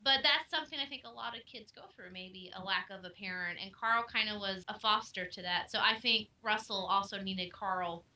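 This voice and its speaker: Bright-voiced young woman in an echoey room. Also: mid-range voice, fairly quick, few pauses, distant mic. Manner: emotional, animated storytelling with laughs. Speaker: co-host reviewing films. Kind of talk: casual film review chat.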